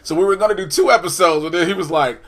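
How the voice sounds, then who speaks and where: A man co-hosting a casual episode review, talking in animated, jokey banter. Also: sits high, quick pace. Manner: animated, jokey, mimics characters. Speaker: co-host.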